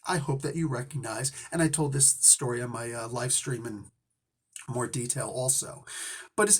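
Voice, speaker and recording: A man's voice: on the high side, slightly rough. A man hosting his channel, telling a personal story in a rambling, indignant way. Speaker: host. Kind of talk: casual storytelling.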